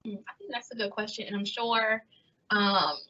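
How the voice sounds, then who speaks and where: A woman's voice: medium pitch, steady tone, normal speed, sharp tone. A woman with a Southern US accent speaking on a webinar panel over a video call, casual and friendly, saying like and y'all. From American South. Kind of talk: webinar discussion. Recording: dull lo-fi call audio.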